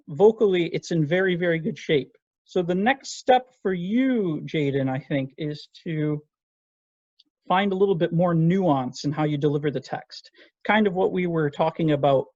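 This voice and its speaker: A man's voice: a little high, darkish tone, no echo. Male voice teacher on a dull video call. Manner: patient, explanatory, sings phrases to demonstrate. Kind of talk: online voice lesson coaching.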